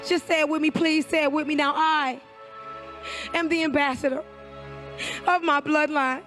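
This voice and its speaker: Woman, motivational speaker, preacher-like exhortation, repetitive commands, very high voice, faint music behind. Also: fairly even intonation, normal speed, fairly bright tone. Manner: repetitive call-and-response, commanding. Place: live event stage.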